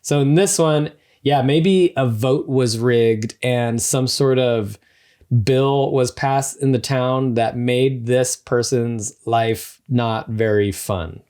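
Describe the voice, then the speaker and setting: A man co-hosting a casual podcast, laughing easily between dry, sarcastic remarks. His voice sits at an everyday middle pitch. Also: fairly even intonation, takes it slowly, darkish tone, clear, resonant tone. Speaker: podcast co-host.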